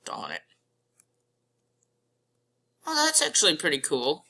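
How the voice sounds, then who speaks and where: A gamer narrates a match in real time with playful commentary, exclaiming at the action on screen. The voice has a sharp, very bright edge. The delivery is slow and drawn out. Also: medium pitch, wildly swooping pitch, vocal fry. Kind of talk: live gameplay commentary.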